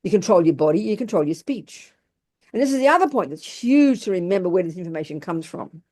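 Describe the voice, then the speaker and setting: A woman's voice: on the low side, animated, fairly quick, dark tone. A woman giving a Buddhist teaching to an audience, blunt, emphatic and colloquial. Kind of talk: Dharma talk to an audience.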